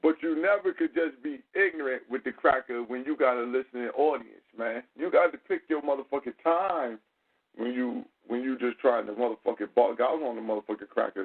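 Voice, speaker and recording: A man's voice: medium pitch, breathy edge. A man co-hosting a radio talk show, talking animatedly and cursing often. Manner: animated, emphatic, swears often. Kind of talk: casual profane chat. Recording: tinny phone-line audio.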